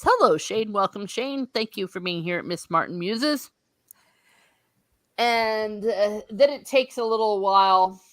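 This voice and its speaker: A woman's voice: fairly low pitch, fairly bright tone, no room sound, studio quality. A woman hosting a casual book discussion livestream, enthusiastic and rambling, who breaks into reading passages aloud.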